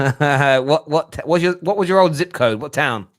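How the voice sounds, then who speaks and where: A man with a fairly high voice hosts a fan call-in show. He is chatty and jokey and calls his callers bro and mate. He laughs easily between questions. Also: measured pace, no echo, studio quality. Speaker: host.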